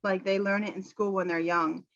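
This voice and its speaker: An American woman, an English teacher, chatting casually about a film with animated quoting. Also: mid-range voice, moderate pace, highs cut off. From United States. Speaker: English teacher, channel host.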